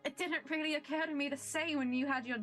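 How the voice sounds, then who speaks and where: A woman player describing her actions at a tabletop game, hesitant and halting. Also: high-pitched, fairly even intonation, music in the background. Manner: hesitant, filler-heavy. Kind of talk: casual tabletop play.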